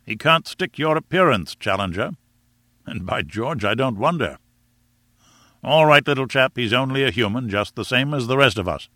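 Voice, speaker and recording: Homem fazendo aristocrata cordial, enérgico, tom de comando, gravação seca. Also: male voice, mid-range voice, expressive, pushed and bright, no echo, studio quality. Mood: hearty. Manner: brisk, hearty, commanding. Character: brisk hearty aristocratic man, adventurer.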